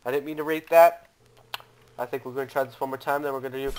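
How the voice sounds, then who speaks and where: A man doing let's play commentary, talking to his viewers and yelling and cursing at the game as he plays. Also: mid-range voice, fairly quick. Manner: excitable, yells and curses at the game. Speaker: gaming YouTuber.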